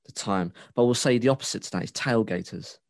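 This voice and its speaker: Man, low-pitched, sweary, rambling rant, dry close sound. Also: fast, vocal fry, no echo. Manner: swearing, ranting, animated; rambling with restarts and fillers. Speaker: podcast co-host. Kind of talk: casual chat.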